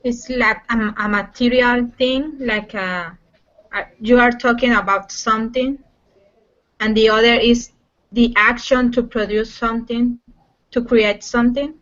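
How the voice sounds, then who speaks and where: Woman student asking about words, kinda unsure, higher voice, muffled call. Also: fairly even intonation, unhurried, a bit bright. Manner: hesitant, asks careful questions. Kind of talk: English class questions. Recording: dull lo-fi call audio.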